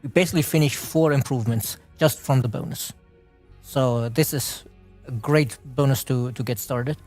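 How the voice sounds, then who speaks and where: A man's voice: mid-range voice, moderate pace, darkish tone, faint music behind. A man hosting a live game stream, chatting and commenting on gameplay, laughing often and restarting his words.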